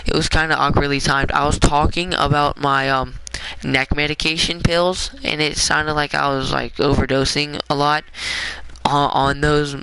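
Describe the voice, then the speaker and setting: A young man with a raspy, smoker-like voice, giving rambling, offhand commentary while streaming a game. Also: fairly high pitch, flat delivery, moderate pace, bright, forceful tone, slight background noise, low-quality recording. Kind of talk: casual gameplay commentary.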